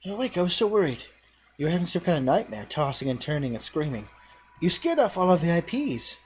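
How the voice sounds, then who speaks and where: A man voicing a cheerful young woman who fusses over a friend in a video game, with a high, chatty delivery. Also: very animated, fast talker, slight background noise, low-quality recording. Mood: fussing.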